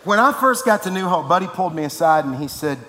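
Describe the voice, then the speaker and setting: High-voiced pastor, humorous rambling storyteller. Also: male voice, lively intonation, fast, pushed and bright, big-room sound. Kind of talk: sermon announcements and anecdote. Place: church sanctuary.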